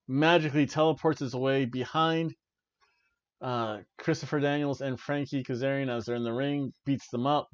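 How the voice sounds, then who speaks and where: A man with a mid-range voice co-hosts a podcast, reviewing a wrestling show casually, enthusiastically and ramblingly, often restarting his sentences. The home recording is dry and slightly muffled, with no room sound.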